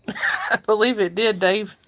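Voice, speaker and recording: A woman's voice: mid-range voice, steady tone, takes it slowly, fairly bright tone. A middle-aged woman hosts a live stream in a casual chat. She reads out viewer comments, thanks people by name, and laughs often.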